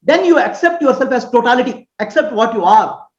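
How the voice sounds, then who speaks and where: A woman giving a spiritual teaching, explaining patiently and often pausing to ask whether listeners follow. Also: a little high, animated, a little mellow. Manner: earnest, explanatory, often checks understanding with questions. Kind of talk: spoken teaching on self-acceptance. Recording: roomy, slightly dull recording.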